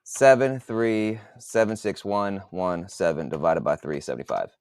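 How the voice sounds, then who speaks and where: A man who writes books, talking casually in a podcast monologue, swearing a lot and working out sums out loud. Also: low-pitched, normal speed, clear, resonant tone, no room sound, clean studio sound. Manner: profane, thinks aloud while doing math. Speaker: author.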